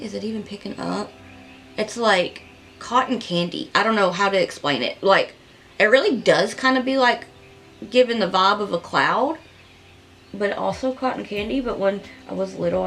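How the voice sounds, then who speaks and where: A makeup vlogger with a medium-pitched, creaky voice and a bit of background hiss or hum talks through a casual makeup tutorial. She rambles in a chatty, heartfelt way, saying "like" often and laughing softly.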